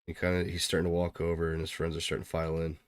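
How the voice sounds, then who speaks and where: A man narrating as game master for a tabletop game, in relaxed, halting narration. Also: deep voice, no echo, clean studio sound.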